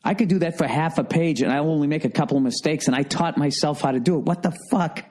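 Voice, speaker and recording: A man hosting a solo comedy podcast, ranting profanely and swinging from shouted outbursts to low grumbling. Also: fast. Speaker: podcast host.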